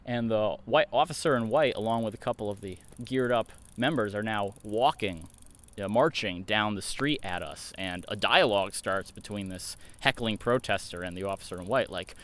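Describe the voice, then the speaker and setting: A man from Connecticut telling a personal story in a casual, animated way, acting out the quotes. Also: lowish voice, moderate pace.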